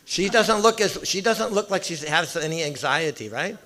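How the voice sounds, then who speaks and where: A man's voice: high-pitched, lively intonation, moderate pace, bright, forceful tone. A man giving an informal devotional talk in a temple hall, chatting with and questioning his listeners directly. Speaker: visiting temple speaker.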